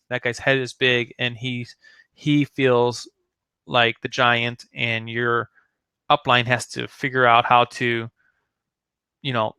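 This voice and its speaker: A man's voice: mid-range voice, bright, forceful tone, clean tone, dry recording. A man giving a casual sales training talk, chatty and full of fillers, acting out sample phone lines. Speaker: network marketing trainer.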